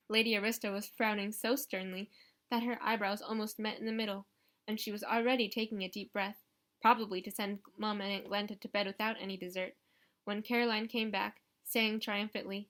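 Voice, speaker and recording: A woman narrating a novel in the first person with steady, even reading. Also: medium pitch, moderate pace. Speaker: audiobook reader.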